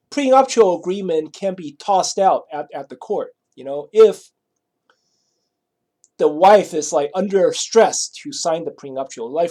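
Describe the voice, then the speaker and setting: A man's voice: high-pitched, mellow. A man spins a long, rambling story in a loose, casual way. He swears freely and keeps checking in with "right?" and "you know?" as he goes. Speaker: vlogger.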